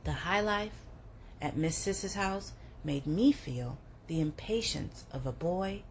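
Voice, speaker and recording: A woman reading a memoir aloud for a book club in a measured, steady way. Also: lowish voice, a little hiss or hum, poor audio.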